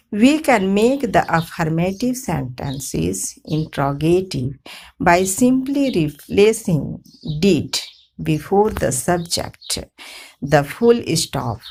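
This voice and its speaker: Slow, gravelly woman teaching grammar. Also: on the low side, slight background noise. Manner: measured, methodical, repetitive drilling. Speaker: English teacher. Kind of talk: slow grammar lesson with drilled example sentences.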